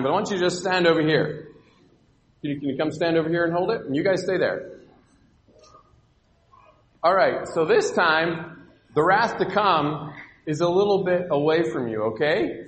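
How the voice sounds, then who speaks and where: Children's Bible teacher, male, coaxing and upbeat, slightly high voice, roomy hall echo, faint background noise. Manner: upbeat, coaxing, directs kids with questions. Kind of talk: interactive children's Bible lesson. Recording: echoey hall with long reverb.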